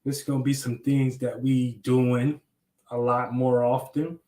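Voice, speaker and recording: A man's voice: medium pitch, flat delivery, unhurried, dark tone. A young adult man hosting a live astrology stream, talking loosely and slangily in rambling explanations. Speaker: astrology livestream host. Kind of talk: casual livestream talk.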